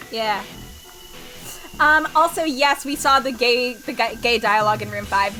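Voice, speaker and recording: A young woman streaming a game, reading the narration aloud and reacting excitedly in between. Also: high voice, unhurried, faint music behind.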